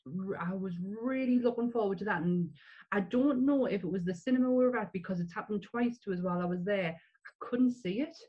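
A woman's voice: mid-range voice, a little fast, husky. Chatty woman, lo-fi. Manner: chatty, many restarts and fillers. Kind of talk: casual film chat.

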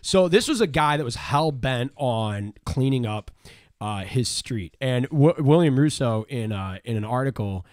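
A man's voice: mid-range voice, lively intonation, a little slow, a little mellow, no room sound, studio quality. Rambling, swearing male storyteller. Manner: rambling, repeats words, swears freely. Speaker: podcast host, storyteller. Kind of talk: casual storytelling chat.

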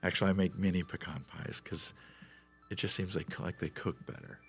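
A middle-aged man from Nebraska chats as an interview guest, telling easygoing, rambling stories. His voice sits very low with a gravelly fry. Faint music plays underneath. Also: fairly even intonation, brisk. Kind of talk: casual interview chat.

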